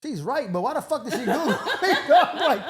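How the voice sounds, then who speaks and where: A man's voice: very high voice, animated, fairly quick, a crowd in the background. A male comedian and show regular telling a story in casual podcast chat, acting out other people's lines.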